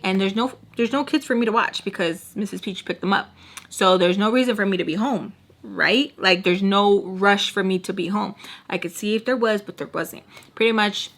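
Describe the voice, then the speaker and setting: A woman's voice: mid-range voice, moderate pace. A young woman casually telling a personal story to her followers, candid and chatty, with lots of "like" and frank swearing. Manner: chatty and candid, heavy use of "like"; animated retelling, swearing freely. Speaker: storytime vlogger.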